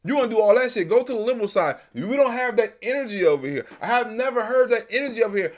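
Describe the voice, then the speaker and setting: A man's voice: very high voice, expressive, fast, hardly any pauses. A man hosting a live stream, delivering an emphatic, profane, repetitive political commentary rant.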